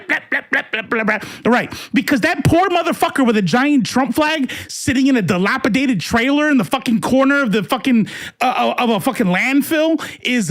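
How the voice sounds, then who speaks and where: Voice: mid-range voice, no echo, studio quality. A political commentary host ranting to a live chat in a profane, combative way.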